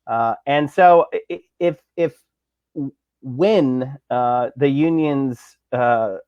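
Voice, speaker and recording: A man's voice: on the high side, dry recording. Fired-up man on dull, dry audio. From Pittsburgh. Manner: passionate and sarcastic, halting with many fillers. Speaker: labor reporter, guest. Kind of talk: casual political chat.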